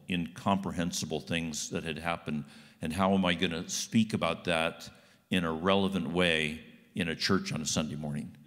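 A man's voice: low voice, fairly bright tone, in a large hall. A man giving a guest sermon in a church, folksy and conversational. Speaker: guest speaker. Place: church sanctuary.

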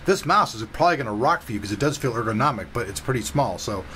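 A man's voice: mid-range voice, expressive, quick pace, bright, forceful tone, a little hiss or hum. A man hosting a casual, enthusiastic tech unboxing review, talking to viewers with a sore throat. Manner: chatty, enthusiastic, talks straight to viewers. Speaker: tech reviewer and channel host.

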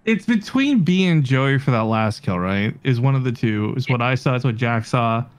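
A man in a casual gaming chat, quick and reasoning, leading the discussion. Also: medium pitch, lively intonation. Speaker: game player.

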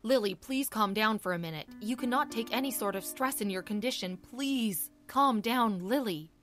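A woman's voice: a little high, moderate pace, a bit bright, faint music behind, lightly acted. A woman voicing a young husband in an audiobook, explaining himself in a worried, pleading way. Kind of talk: audiobook character voice.

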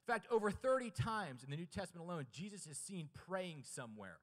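A man delivering a chapel sermon, shifting from hushed, low passages to loud, high, emphatic preaching and calling on the audience to answer. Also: sing-song, a little fast, in a large hall. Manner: asks the audience questions and urges them to answer. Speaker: chapel speaker. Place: college chapel.

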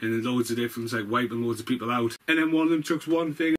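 Man, excitable, swears a lot, keeps saying wow, casual home video review. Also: fairly high pitch, quick pace, hardly any pauses. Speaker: movie reviewer and collector. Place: home room full of film collectibles.

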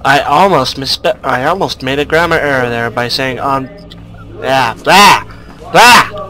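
A man hosting a let's play, commentating the game in an excitable, joking way and yelping at it. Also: medium pitch, a little slow, slight background noise, rough recording. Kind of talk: gameplay commentary.

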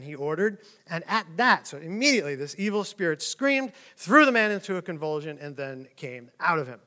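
A man teaching from the Bible in a relaxed, conversational way. He reads passages aloud and then explains them informally. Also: fairly high pitch, a little fast, hardly any pauses. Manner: conversational, with frequent "like" and "kinda". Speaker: preacher.

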